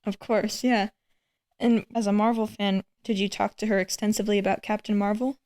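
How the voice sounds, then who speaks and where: A woman's voice: mid-range voice, little pitch movement, brisk, darkish tone. Woman hosting a film podcast. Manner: brief reactions and follow-up questions. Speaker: podcast host. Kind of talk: interviewing.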